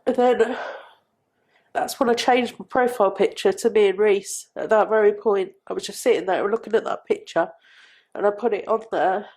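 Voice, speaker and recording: A middle-aged woman recounting a painful personal story as a podcast guest, halting and repeating herself. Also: mid-range voice, fairly even intonation. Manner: halting, repeats phrases, quiet.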